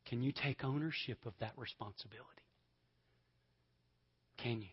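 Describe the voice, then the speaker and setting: A man preaching a sermon, swinging from loud emphatic bursts to soft, almost whispered lines. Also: medium pitch, moderate pace, breathy edge, lo-fi sound. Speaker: pastor.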